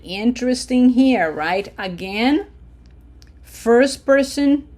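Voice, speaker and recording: Slow-paced woman teaching pronunciation. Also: mid-range voice. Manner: patient, drawn-out model phrases for repetition; frequent "okay?" check-ins. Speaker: Spanish teacher.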